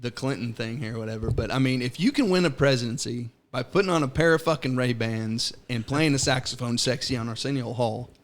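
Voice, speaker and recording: A man at a middle pitch talks loosely in an easygoing podcast chat. He rambles and restarts, drops swear words freely, and often breaks into laughter. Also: a little fast, few pauses. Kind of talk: casual chat.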